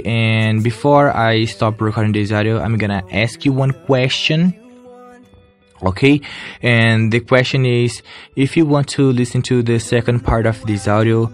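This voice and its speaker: A young Brazilian man, a native Portuguese speaker, talking with a Brazilian accent in a casual solo podcast from home, hesitant and full of fillers. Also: fairly low pitch. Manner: hesitant, many fillers and restarts, laughs softly. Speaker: podcast host, English learner.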